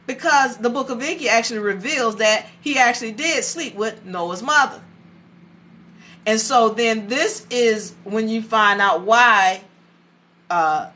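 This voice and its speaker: A woman giving a casual, animated lecture, retelling stories conversationally. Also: mid-range voice. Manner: animated, conversational, acts out voices. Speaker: teacher.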